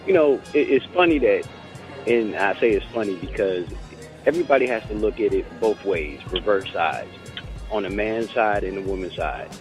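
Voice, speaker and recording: A man's voice: on the low side, lively intonation, moderate pace. A man hosting a casual chat, talking things through reflectively and often repeating words as he thinks. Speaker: podcast host. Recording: muffled lo-fi audio with faint music.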